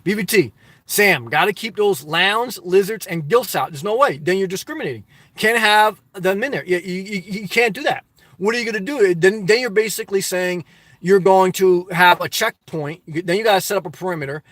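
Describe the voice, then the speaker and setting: A man with a New Jersey accent hosting a casual livestream, answering chat with animated rhetorical questions that swing from loud to soft. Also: high voice, normal speed, dry recording. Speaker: livestream host reading chat. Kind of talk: casual live chat monologue.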